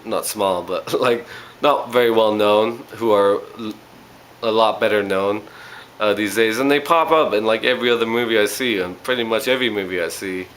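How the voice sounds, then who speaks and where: A man's voice: lowish voice, a bit bright, a little hiss or hum, low-quality recording. A man giving a casual spoken movie review, rambling along with frequent ums and uhs.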